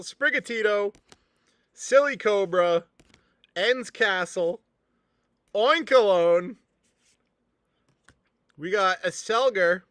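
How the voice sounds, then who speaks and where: A young man hosting a live card-pack opening stream, talking to chat from a laptop mic and bursting into laughs and shouts. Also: high-pitched, no room sound. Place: indoors at a computer. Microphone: laptop camera mic.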